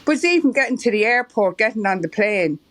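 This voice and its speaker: A woman's voice: on the high side, expressive, fast. Chatty Irish woman, rambling and laughing. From Ireland. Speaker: marathon runner guest. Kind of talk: casual interview chat.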